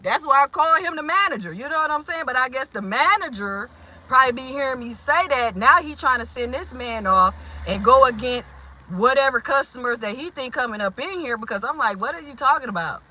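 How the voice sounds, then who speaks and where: Bright-voiced, blunt woman venting. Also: high voice, fairly quick, poor audio. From Milwaukee, Wisconsin. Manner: animated, blunt, confrontational. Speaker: vlogger. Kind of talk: venting monologue.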